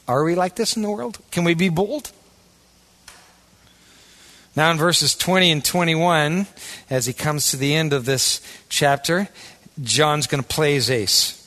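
Animated preacher man, fairly high voice. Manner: animated, swinging from loud emphatic bursts to hushed asides; casual, folksy preaching. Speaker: pastor. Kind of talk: sermon.

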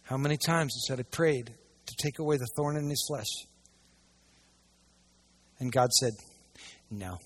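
A man preaching a sermon to a church audience, swinging between hushed asides and loud, emphatic passages. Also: medium pitch, a little slow, pauses often. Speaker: pastor.

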